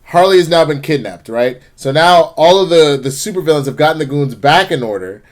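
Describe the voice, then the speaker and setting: Man, slightly high voice, casual review chat, animated recap, quick character voices. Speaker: co-host reviewing an episode.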